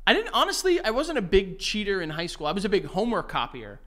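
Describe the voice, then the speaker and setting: A man's voice: high voice, huge pitch swings, fast talker, pushed and bright. A man co-hosting a podcast, chatting casually and loosely, swearing and restarting his sentences a lot. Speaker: podcast co-host. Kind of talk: casual chat.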